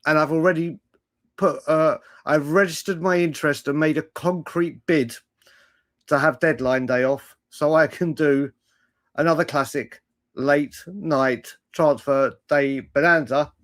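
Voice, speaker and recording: A man's voice: fairly high pitch, fairly even intonation, unhurried, a bit bright. A young man hosting a casual live fan chat stream, rambling and laughing as he greets viewers in the chat. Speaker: livestream host.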